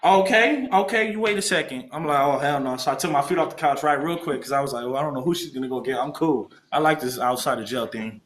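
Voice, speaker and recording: A man's voice: mid-range voice, fast talker, hardly any pauses. A young man tells his recovery story to a group in casual, slangy talk, acting out the voices of people he quotes. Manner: animated, acts out quoted voices, streetwise slang. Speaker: alumni speaker sharing recovery story. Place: meeting room. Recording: echoey room.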